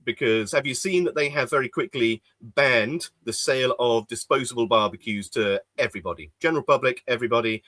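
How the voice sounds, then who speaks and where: With no room sound on the recording, a man co-hosting a casual podcast rambles along, full of fillers and false starts. He has a medium-pitched, sharp-toned voice, picked up by a desk mic in an office.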